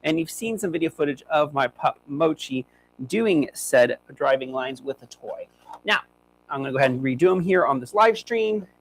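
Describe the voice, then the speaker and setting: A man's voice: on the high side, lively intonation, moderate pace, poor audio. A young man who trains dogs, demonstrating on a live stream in a chatty, upbeat way and talking to his dogs as he goes. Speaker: dog trainer. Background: faint hum.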